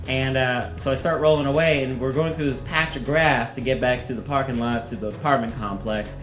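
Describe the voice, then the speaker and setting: A man's voice: mid-range voice, fairly even intonation, moderate pace, fairly bright tone, reverberant, soft background music. A man telling a comic personal story on stage, self-mocking and often breaking into laughter.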